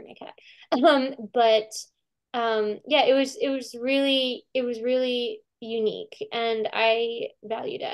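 Speaking in a slightly high voice, a female curator discusses a film informally on a video call. She keeps restarting herself, leans on fillers, and performs the quotes she mentions.

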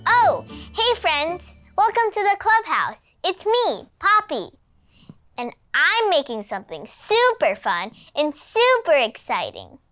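A bubbly young girl puppet host from a children's church show, played by a performer. Her voice is very high and sing-song, and she speaks slowly. Every phrase is stretched out for toddlers. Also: huge pitch swings, sharp tone, soft background music, heavily acted. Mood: cheerful. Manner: bubbly, slow and exaggerated for small children.

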